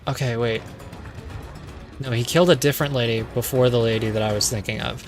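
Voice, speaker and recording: A man's voice: mid-range voice, steady tone, a little fast, soft background music. A male streamer chatting casually while playing, retelling a story in a rambling, playful way full of fillers. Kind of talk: casual gameplay commentary.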